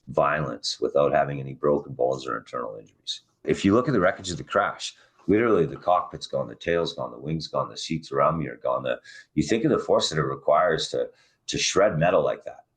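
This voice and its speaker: A man telling his own survival story in a raw, intense way, his voice rising and dropping with emotion. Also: fairly bright tone. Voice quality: very deep husky voice. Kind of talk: emotional first-person storytelling.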